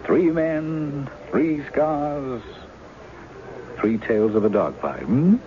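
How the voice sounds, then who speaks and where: A man's voice: mid-range voice, animated, takes it slowly. An actor in his forties playing a charming writer who poses as a woman's lost husband, breezy and teasing, in 1970s radio drama style. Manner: teasing, breezy, later rueful. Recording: dull old radio broadcast with music.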